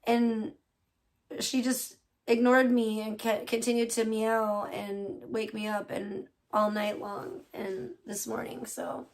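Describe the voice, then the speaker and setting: A woman's voice: fairly high pitch, a little slow, few pauses. A young woman chatting casually on a late-night livestream, rambling with lots of fillers and casual swearing. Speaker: live streamer.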